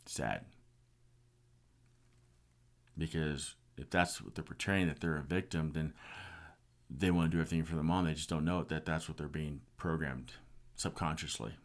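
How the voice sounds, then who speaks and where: A man's voice: a bass voice, a little fast. A middle-aged man giving an earnest, passionate personal testimony. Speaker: speaker sharing a personal story.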